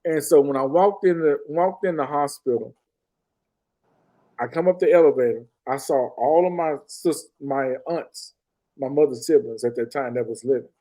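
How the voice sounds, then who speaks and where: A man's voice: mid-range voice, moderate pace, mellow, poor audio. A middle-aged man from Arkansas, a former police detective earnestly telling a personal story and repeating phrases for emphasis. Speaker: podcast guest.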